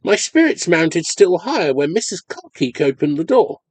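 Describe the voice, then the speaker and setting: Expressive male audiobook narrator. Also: fairly high pitch, no echo. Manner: expressive, measured storytelling. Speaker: audiobook reader. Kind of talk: scripted narration of a ghost story.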